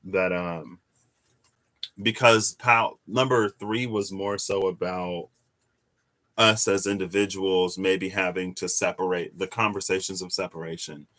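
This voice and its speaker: A young man giving a casual, musing tarot reading, animated at times with sudden high exclamations. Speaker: tarot reader. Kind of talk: casual reflective monologue.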